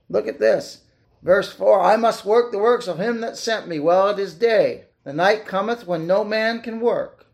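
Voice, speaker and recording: Fervent male preacher with a slightly high voice, reads scripture and exclaims. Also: darkish tone. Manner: fervent, exclaiming and asking the listeners questions; reads scripture aloud in old-fashioned wording. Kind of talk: sermon.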